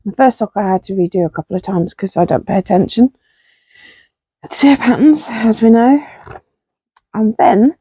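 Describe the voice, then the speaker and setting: A woman's voice: mid-range voice, moderate pace, pauses often, dark tone, husky, no room sound. A woman hosting a casual knitting podcast, chatty and self-deprecating, rambling with fillers. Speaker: podcast host.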